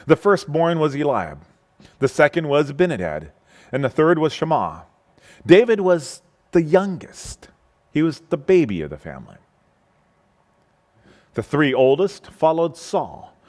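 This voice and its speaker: A male pastor preaching a sermon, retelling a Bible story with animated storytelling and by acting out its characters. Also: mid-range voice.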